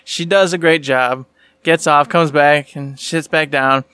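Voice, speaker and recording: A man's voice: a little high, fairly even intonation, unhurried, sharp tone, smooth, no echo. A man co-hosting a casual podcast chat, telling easygoing, chatty stories. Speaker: podcast co-host.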